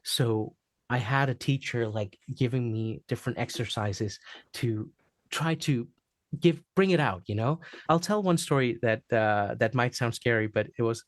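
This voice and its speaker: Man, podcast guest, casual storytelling, animated, acts out quotes, dry close sound. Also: mid-range voice, measured pace, no room sound. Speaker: podcast guest, actor and singer.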